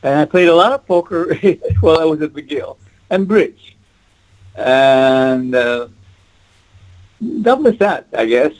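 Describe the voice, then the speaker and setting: Speaking slowly and pausing often, an octogenarian from Quebec whose native language is French reminisces, rambles, and chuckles through casual stories in an interview. His voice is fairly high with lively intonation, and the recording is rough.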